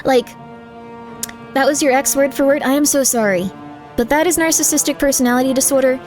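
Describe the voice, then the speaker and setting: A high-pitched woman talks casually to her live-stream audience, rambling through frank advice and answering chat as it comes in. She fills her speech with loose fillers, and soft music plays faintly underneath. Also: brisk. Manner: rambling, candid advice full of "like", reacting to chat.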